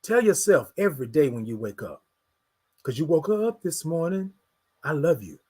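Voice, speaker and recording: A man's voice: fairly high pitch, sing-song, normal speed, darkish tone, slightly rough. A man hosting a motivational morning show, talking in a repetitive, preacher-like, encouraging way. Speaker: host.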